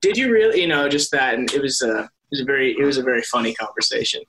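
A man's voice: medium pitch, steady tone, very fast, pushed and bright, slight background noise, rough recording. A young man guesting in an interview, talking earnestly and rambling through many restarts and fillers. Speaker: actor guest. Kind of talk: casual interview chat.

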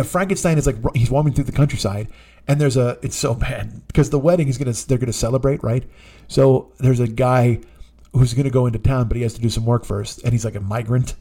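A man hosting a comedy podcast, telling a profane, excitable monologue and breaking into voices. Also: high-pitched. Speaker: podcast host.

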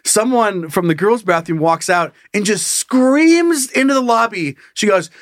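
A man's voice: high voice, animated, a little slow, hardly any pauses, fairly bright tone, no echo, studio quality. A man in casual chat, telling a story with lots of swearing and laughter.

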